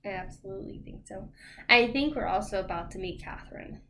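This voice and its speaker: A woman's voice: medium pitch, fairly quick, a bit bright. A tired young woman co-hosting a casual late-night book discussion. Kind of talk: casual chat. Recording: faint background noise.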